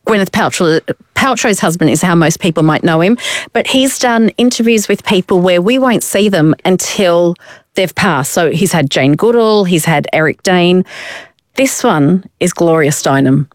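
A woman's voice: lowish voice, expressive, moderate pace, dry recording. A woman presenting a casual culture chat, chatty with frequent restarts. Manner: chatty, restarts, rising asides.

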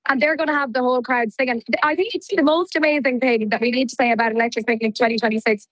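A woman's voice: fairly high pitch, fast talker, fairly bright tone, no echo, rough recording. An Irish woman presenting live radio from outdoors, chatty and bubbly, laughing often. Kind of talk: live radio phone-in chat. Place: outdoors in heavy rain at a festival.

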